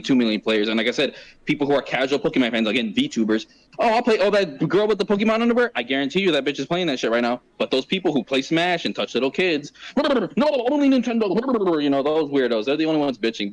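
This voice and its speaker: A man hosting a casual podcast, talking in a profane, slangy way and going off on quick tangents. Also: medium pitch, low-quality recording. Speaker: podcast host. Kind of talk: casual chat.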